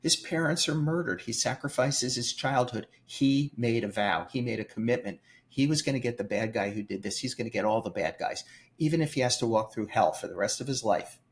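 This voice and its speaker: Animated older man telling his story. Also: mid-range voice, fairly quick. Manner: emphatic, acts out quoted voices. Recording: faint music behind.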